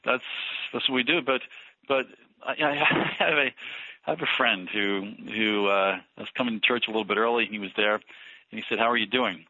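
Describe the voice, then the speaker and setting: A man talking through ministry ideas in an interview, thoughtful and halting with many restarts. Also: fairly low pitch, bright, forceful tone, no room sound. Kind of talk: conversational interview about ministry. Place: Philadelphia. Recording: dull lo-fi radio audio.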